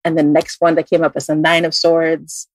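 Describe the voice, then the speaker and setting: Animated Filipino woman telling a story. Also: moderate pace, dry recording. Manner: animated, acts out quoted voices with big jumps in pitch; many fillers like "like" and restarts. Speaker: tarot reader guest. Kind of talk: casual storytelling in a podcast interview.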